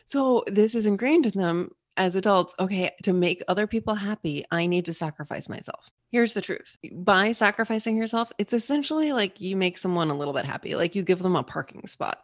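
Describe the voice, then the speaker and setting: Animated woman, dry close sound. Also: mid-range voice, brisk, few pauses, no room sound. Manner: animated, playful storyteller. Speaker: guest explaining personality types. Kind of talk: casual interview talk.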